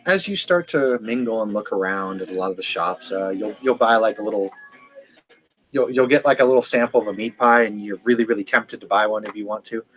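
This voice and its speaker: A man's voice: fairly low pitch, a little fast, fairly bright tone, rough recording. A man narrating a tabletop game as game master, rambling and descriptive with frequent fillers.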